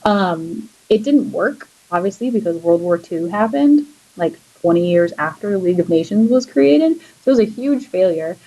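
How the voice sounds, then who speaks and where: A woman teacher giving a casual history lesson, chatty and relaxed, using lots of fillers as she draws and explains. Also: mid-range voice, moderate pace, hardly any pauses, highs cut off. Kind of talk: casual classroom lecture.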